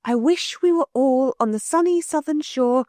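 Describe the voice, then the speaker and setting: A woman's voice: high-pitched, moderate pace, no echo, clean studio sound, voice pushed up, lightly acted. A woman doing an earnest young girl. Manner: earnest, gentle. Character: earnest, truthful older girl.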